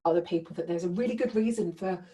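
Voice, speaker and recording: Woman workshop leader with a low, warm voice; conversational and keeps checking in with the group. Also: fast. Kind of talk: teaching a live group.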